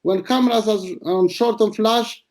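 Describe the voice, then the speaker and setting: Blunt, crude, high-voiced man from Albania. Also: normal speed, a little mellow. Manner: blunt, crude, boastful, rambling. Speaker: retired paparazzo. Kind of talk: casual interview storytelling.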